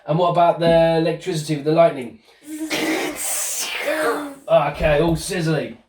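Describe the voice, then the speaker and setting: A man's voice: fairly high pitch, steady tone, moderate pace, background noise. A man leads a home-school lesson in a cheerful, coaxing way, asking questions one after another. His voice sounds roomy and a little distant from the mic. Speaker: presenter.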